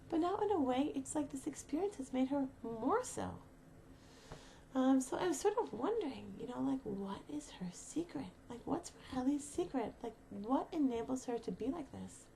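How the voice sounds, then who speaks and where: A woman's voice: high voice, creaky, a little mellow, a little hiss or hum. A woman giving a heartfelt motivational talk to mothers, earnest and emotional, rambling with many fillers and restarts.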